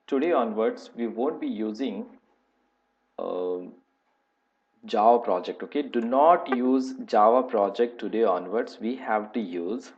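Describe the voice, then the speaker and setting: Teaching software testing in a live online session, a man with a fairly low voice talks haltingly, full of fillers and repeated points. The audio sounds dull.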